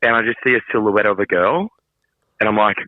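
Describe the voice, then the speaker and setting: A young Australian man on a phone call, telling a story in an animated way, laughing and swearing freely. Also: on the low side, fairly quick, no room sound. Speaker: podcast co-host calling in. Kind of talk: casual storytelling.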